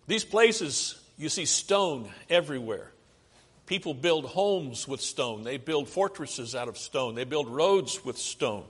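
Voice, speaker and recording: American preacher in a reverberant hall. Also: male voice, on the high side, lively intonation, takes it slowly, breathy edge. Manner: conversational, asks the audience questions. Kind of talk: sermon with slide tour.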